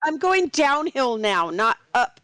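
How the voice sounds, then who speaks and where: A woman's voice: high-pitched, big pitch swings, takes it slowly, fairly bright tone, no room sound. A woman player in a tabletop game, chatting casually in a hesitant, self-deprecating way. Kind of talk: casual chat.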